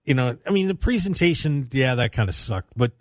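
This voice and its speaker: A man's voice: fairly quick, dry recording, studio quality. A man hosting a wrestling radio show, chatting casually and teasing his co-host. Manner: animated, teasing, jumps high in pitch when reacting.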